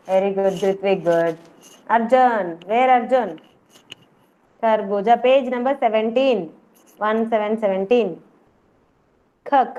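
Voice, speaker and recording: A woman's voice: a little high, dark tone. A woman kindergarten teacher with an Indian English accent, leading an online class and patiently repeating words for young children. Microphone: video call. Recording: lo-fi noisy video call audio.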